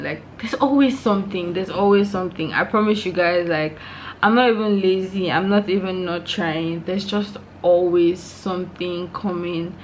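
Young nigerian woman vlogging in her room, lowish voice, chatty and laughing a lot, faint hum behind. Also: poor audio. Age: 20s. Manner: chatty, laughs often, frank asides. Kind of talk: casual vlog chat. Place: her room at home, indoors.

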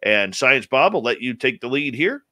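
A man's voice: normal speed, dry recording. A man hosting a radio talk show, upbeat and jokey, with big swings in his delivery. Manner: energetic, jokey announcer delivery with big pitch jumps.

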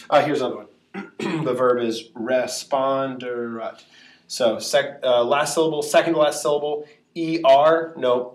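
Man teaching in an echoey classroom. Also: medium pitch. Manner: explains step by step, with fillers. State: sick, clearing throat. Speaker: Latin teacher. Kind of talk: classroom-style lesson.

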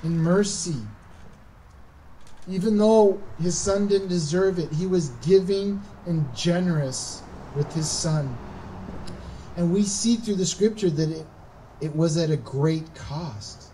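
Casting: high-voiced, mellow-toned male pastor, lively sermon delivery, mic set back with faint noise. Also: slow pace, recorded from a distance, low-quality recording. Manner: animated, acts out quoted voices, emphatic rises. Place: church.

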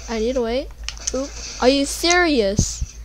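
A young woman giving casual gameplay commentary, panicking and pleading, then yelling at the game. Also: sits high, lively intonation, a little slow, background noise. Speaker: gamer.

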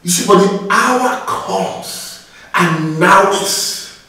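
A man's voice: high voice, drawn-out words, pushed and bright, very echoey, far from the mic, low-quality recording. A man preaching a sermon, exhorting his listeners and often breaking in with praise. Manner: exhorting, repeats phrases with "Praise God".

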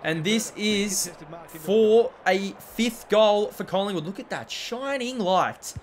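A young man, commentating his own football video game as he plays, often yelling at the players and talking to himself. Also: high voice, slow. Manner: excitable, shouts at the play, talks to himself. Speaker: gaming channel host. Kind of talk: let's-play commentary.

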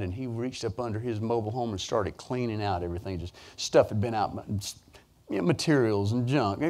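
A man preaches through homespun stories. His voice climbs high and loud, then falls back to a low, quiet telling. The storytelling stays folksy and animated throughout. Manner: animated, folksy storytelling with sudden rises in pitch and volume. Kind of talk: sermon storytelling.

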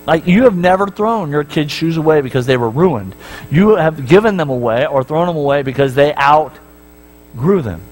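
A middle-aged man preaching a sermon, animated and storytelling, acting out voices and asking the congregation questions. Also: on the high side, moderate pace, a little hiss or hum, low-quality recording. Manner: talks straight to the congregation with repeated questions. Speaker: pastor. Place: church sanctuary.

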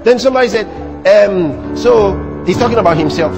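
A man preaching a sermon to a church congregation, animated, teasing the audience with rhetorical questions and mimicry. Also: high voice, normal speed, gravelly, long reverb tail, over music. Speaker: pastor.

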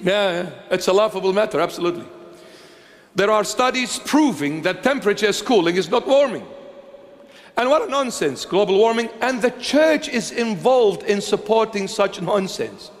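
A bishop delivers a fiery sermon with a notably high-pitched voice. He hammers points home with mocking rhetorical questions. His voice rings out with a long reverb from a large church hall. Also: expressive, moderate pace. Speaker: bishop preaching.

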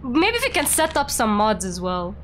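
A young woman hosting a casual game stream, playful and teasing, quick to exclaim. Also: on the high side, sing-song, a little hiss or hum. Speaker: streamer and VTuber host.

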